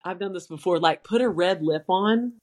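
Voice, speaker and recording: Lively woman co-host listing tips. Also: lowish voice, normal speed. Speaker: podcast co-host. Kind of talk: casual chat.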